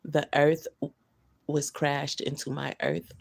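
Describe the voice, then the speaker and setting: A woman with a low, gravelly voice chats casually on a livestream. She talks loosely and slangily to her viewers, reading their comments and chuckling often. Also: level tone, slow, dry recording.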